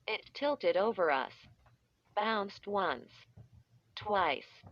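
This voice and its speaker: A woman reading a children's story aloud in a deliberate way, stretching out the sound effects, with dull, slightly muffled audio. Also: mid-range voice, expressive. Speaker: audiobook reader. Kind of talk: scripted storybook narration.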